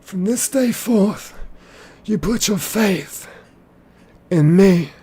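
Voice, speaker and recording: A man doing an impression of a sinister male dark wizard, with slow, hissing, theatrical delivery in a raised, strained pitch. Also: animated, husky, exaggerated voice. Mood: menacing.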